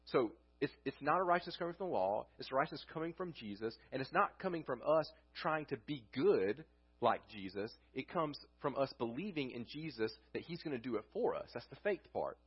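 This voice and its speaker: Male pastor, mid-range voice, breathy edge; conversational sermon delivery on a dull church recording. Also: mid-range voice, lively intonation, brisk. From United States. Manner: conversational preaching with rhetorical questions and restarts. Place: church sanctuary.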